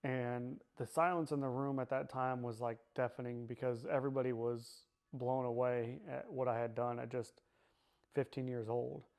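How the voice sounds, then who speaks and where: A man giving a personal testimony in a halting way, repeating himself and often pausing with fillers. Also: mid-range voice, level tone, darkish tone. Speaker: survivor sharing his personal story.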